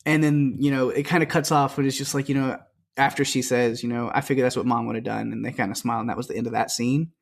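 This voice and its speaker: A man's voice: mid-range voice, fairly even intonation, fast, creaky. A man co-hosting a podcast, chatting loosely about a film and retelling its scenes with lots of quoted dialogue and fillers. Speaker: podcast co-host. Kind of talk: casual film discussion.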